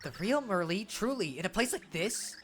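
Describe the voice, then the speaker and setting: A catty, sing-song fairy woman who taunts in rhyme, as a woman streamer reads her lines. The voice sits at an ordinary middle pitch, close to everyday talk. Faint game music plays in the background. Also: animated, normal speed, close to an everyday voice. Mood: rhyming. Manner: rhyming, taunting delivery.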